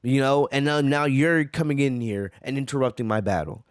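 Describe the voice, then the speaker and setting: A man's voice: mid-range voice, normal speed, clear, resonant tone, dry recording, studio quality, close to an everyday voice. A man voicing a weary, emotional young male warrior who pleads to be left to finish his fight. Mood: pleading.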